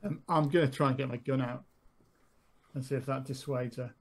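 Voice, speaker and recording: A man's voice: medium pitch, fairly even intonation, brisk. A man playing a tabletop game, describing his moves in a hesitant, rambling way. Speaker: player.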